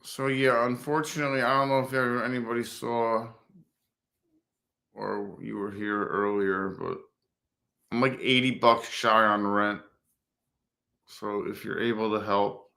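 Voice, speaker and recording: A man's voice: fairly low pitch, gravelly, bright, forceful tone. A man in his fifties chatting casually on a livestream, rambling and swearing, mimicking other people in a raised voice. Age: 50s. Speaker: motovlogger livestreaming to viewers.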